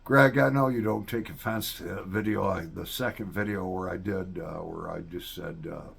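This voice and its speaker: A man talks casually to his viewers in a husky, somewhat low voice. He rambles in a folksy way and keeps tossing in little checks with his audience. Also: normal speed, few pauses, a bit bright. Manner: rambling, folksy, with frequent "all right?" asides. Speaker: vlogger.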